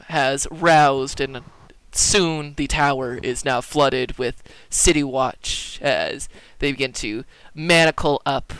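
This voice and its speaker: A man's voice: mid-range voice, gravelly, a bit bright, clear, resonant tone, dry recording, poor audio. A man narrating as game master for a tabletop game, casual and laid-back, with plenty of ums.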